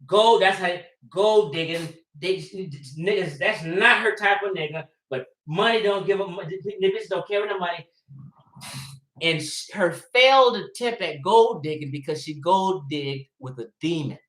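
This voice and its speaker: A man hosting a livestream, ranting bluntly and profanely, swinging between loud outbursts and low muttering. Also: a little slow. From Los Angeles. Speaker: livestream host. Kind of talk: livestream commentary rant.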